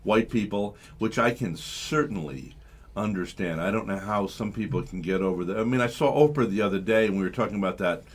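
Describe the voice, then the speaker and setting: A man's voice: lowish voice, fairly quick. A man from the United States hosting a live radio talk show, rambling and slipping into mimicked voices.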